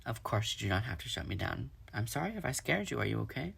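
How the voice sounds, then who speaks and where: A man's voice: mid-range voice, big pitch swings, quick pace, vocal fry, a bit bright, husky, full character voice. A man voicing a polite female robot mother in a storybook read-aloud, speaking level, precise and formal. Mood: gentle. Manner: level, precise, formal speech without contractions.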